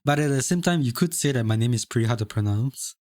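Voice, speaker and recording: A man's voice: mid-range voice, lively intonation, quick pace, a little mellow, dry recording, studio quality. Chatty young man, Singaporean English accent. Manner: chatty, rambling, many restarts and stammered repeats. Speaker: streamer. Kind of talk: casual live-stream chat, reading chat aloud.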